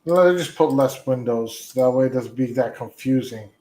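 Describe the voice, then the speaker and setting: A man's voice: medium pitch, moderate pace, darkish tone. A man hosting a casual livestream, reacting to a video as he chats. He rambles, repeats himself and stalls with "hold on". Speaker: livestream host. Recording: roomy echo.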